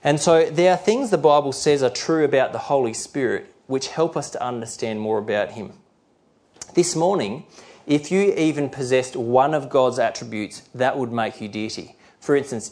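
A middle-aged man preaching a sermon, explaining his points in a plain, teaching way and reading scripture verses slowly and carefully. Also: medium pitch, lively intonation, darkish tone. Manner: explanatory, with fillers and restarts.

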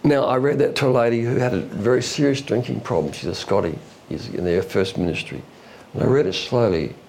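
A man preaching a sermon in a folksy, illustrative way, with quick asides and chuckles. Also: mid-range voice, creaky, a little mellow, a little hiss or hum. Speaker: pastor.

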